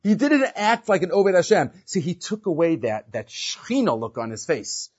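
An animated man teaching a Torah class, his pitch swinging up and down as he quotes and explains. He reads quickly and follows with casual, questioning asides. The recording sounds dull and lo-fi. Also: slightly rough. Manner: animated, mixes quick Hebrew quoting with casual English asides.

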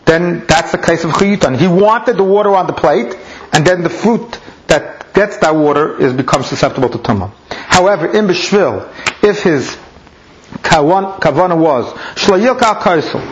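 A man's voice: a little high, animated, moderate pace. A man teaching a Talmud lesson, explaining each step and weaving in Hebrew and Aramaic terms. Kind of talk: Talmud lecture. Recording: dull lo-fi recording.

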